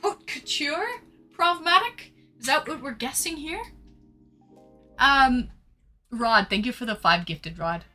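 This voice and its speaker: Canadian woman streamer with a bright tone, chatty and slow-paced, reading viewer chat with faint music underneath. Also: fairly high pitch, very animated. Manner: chatty, reads out viewer comments and thanks them. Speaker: live stream host. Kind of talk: casual live chat with viewers.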